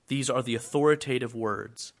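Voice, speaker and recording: A man preaching a sermon, telling a scripture story dramatically, swinging from loud to hushed. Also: medium pitch, moderate pace.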